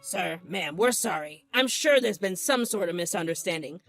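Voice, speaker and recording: A woman voicing a calm, polite restaurant manager with a formal, placating manner. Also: fairly low pitch, moderate pace, gravelly, faint music behind, voice pushed down.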